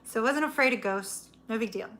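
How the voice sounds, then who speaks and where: Woman channel host, bright and a little high-voiced, laughs a lot, swears casually while telling a story to viewers. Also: fairly quick. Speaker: tarot reader, channel host.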